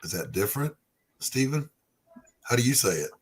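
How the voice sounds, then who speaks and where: A man hosting a casual live chat, talkative and quick to laugh. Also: medium pitch, very animated, breathy edge. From Southern United States. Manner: chatty, laughs easily. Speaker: livestream host.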